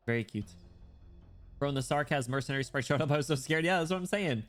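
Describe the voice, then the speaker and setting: A man live-streaming as he reads a game story, breaking off into excitable reactions, laughing and swearing freely. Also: a little high, fast talker.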